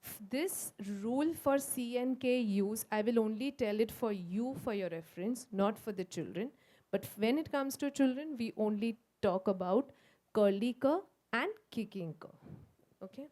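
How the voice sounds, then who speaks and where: A woman with an Indian English accent leading a phonics workshop for teachers, slowly sounding out letters in a coaxing, sing-song way. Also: a little high, mellow. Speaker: teacher trainer. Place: school workshop room.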